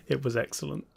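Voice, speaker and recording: A man's voice: mid-range voice, gravelly, darkish tone, slightly rough. A man hosting a live stream in a casual, laid-back way. He chuckles often and hums idly between remarks. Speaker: streamer host.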